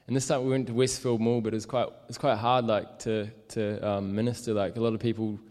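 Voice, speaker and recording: A man's voice: fairly low pitch, little pitch movement, a little fast, darkish tone. Rambling young man in echoey hall. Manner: rambling, many fillers and likes. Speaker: street evangelist. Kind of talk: casual storytelling.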